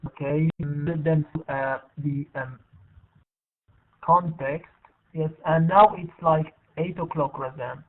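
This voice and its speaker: Male teacher, online class, halting delivery, phone-like audio. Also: fairly high pitch, steady tone. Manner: halting, searching for words. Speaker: English teacher. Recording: tinny phone-like line.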